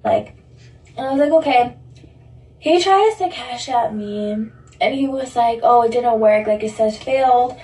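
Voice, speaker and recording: Young woman, fairly high voice, chatty storytelling, sounds off-mic in an echoey room. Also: measured pace, mellow. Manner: chatty, full of "like", acting out quoted speech. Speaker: storyteller in played audio. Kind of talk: casual storytelling. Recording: echoey, distant recorded clip.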